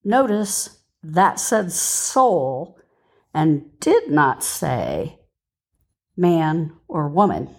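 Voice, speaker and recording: A woman's voice: sits low, sing-song, very slow, a little mellow. A woman hosting a podcast and teaching scripture in an earnest way, reading verses aloud and stopping to give reference numbers.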